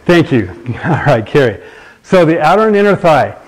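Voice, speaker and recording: A man's voice: a little high, sing-song, normal speed, rough recording. A man in his sixties hosts a live fitness broadcast. He explains each exercise while demonstrating it, taking viewer questions in an easygoing instructional way. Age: 60s. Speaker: fitness show host.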